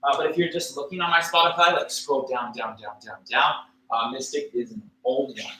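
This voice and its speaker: A man teaching a livestreamed yoga class, cueing poses and breaths in a relaxed, casual way with fillers and small jokes. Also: mid-range voice, brisk. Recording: echoey room with faint ambient noise.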